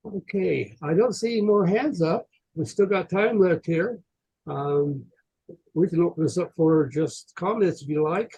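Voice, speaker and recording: A man moderating a video call, briskly calling on participants and inviting comments. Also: high-pitched, darkish tone, breathy edge, rough recording. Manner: brisk, calls on people.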